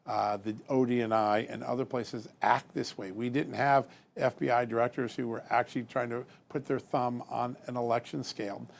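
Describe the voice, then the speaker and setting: A man's voice: mid-range voice, vocal fry. A man giving emphatic political commentary as a guest, building his points with rising force.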